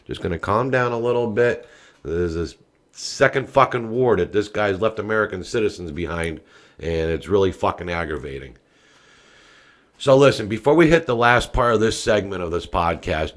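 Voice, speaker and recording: A man with a somewhat low voice hosts a political commentary podcast. He rants and swears freely, dropping to a mutter and then shouting again. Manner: profane, swinging from muttering to shouting. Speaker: podcast host.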